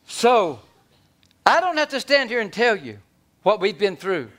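A man preaching a sermon in a folksy, animated way, swinging from loud to hushed. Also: sits high, unhurried.

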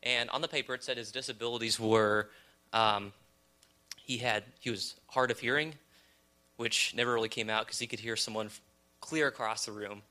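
Very bright-voiced young man. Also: medium pitch, steady tone, normal speed. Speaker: speaker sharing a camp testimony. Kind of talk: prepared talk to a church audience.

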